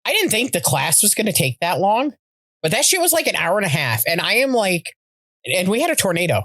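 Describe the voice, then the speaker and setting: A woman co-hosting a podcast, chatting casually and telling animated stories with some swearing. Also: mid-range voice, fairly quick, dry recording. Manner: animated storyteller, swears freely. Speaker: podcast co-host. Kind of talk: casual chat.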